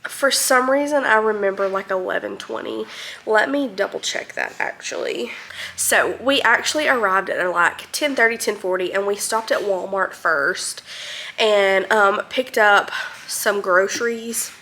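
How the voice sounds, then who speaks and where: Woman vlogger, bright tone, rambling and friendly filler-heavy delivery. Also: medium pitch, a little slow, slight background noise. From North Alabama, US. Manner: chatty, many ums and likes. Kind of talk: casual rambling recap.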